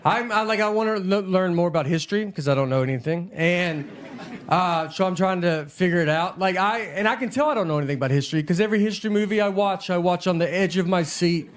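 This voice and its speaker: A man, doing a slow, deadpan stand-up comedy set on a theater stage. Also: high-pitched, a little hiss or hum. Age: 40s. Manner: slow deadpan storytelling, drawn-out pauses. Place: large theater with a live audience. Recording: live stage recording with loud crowd. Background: loud audience laughter.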